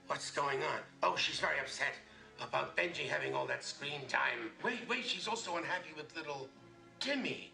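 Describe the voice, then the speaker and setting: A man's voice: a little high, expressive, normal speed, creaky, bright, forceful tone. A man in a spoof comedy film playing a doctor, with a theatrical, drawling manner. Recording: echoey film soundtrack with music.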